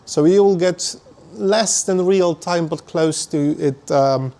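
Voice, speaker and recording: A man's voice: on the high side, slow, dark tone. Man giving a technical meetup talk. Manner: explanatory, with frequent fillers and restarts. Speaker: conference speaker. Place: meetup venue.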